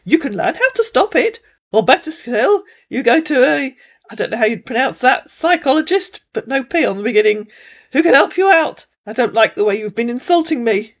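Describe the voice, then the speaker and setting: A woman's voice: sits high, animated, moderate pace, breathy edge, muffled recording, pitched above the performer's own voice, exaggerated voice. A woman voicing an aggrieved male online scammer posing as a surgeon, protesting in a plaintive, self-righteous way.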